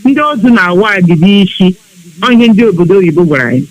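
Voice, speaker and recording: A woman's voice: medium pitch, big pitch swings, fast talker, lo-fi sound. A woman speaking emotionally to a women's group on a live online broadcast, pleading with them and scolding them by turns. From Biafra region of Nigeria. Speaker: women's group member addressing an online audience. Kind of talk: impassioned exhortation.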